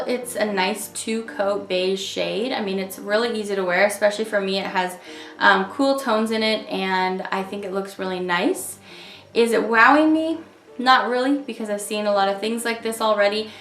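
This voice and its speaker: A woman's voice: mid-range voice, moderate pace, fairly bright tone, echoey room, soft background music. A woman talking casually and enthusiastically as she reviews nail polish shades, with chatty fillers.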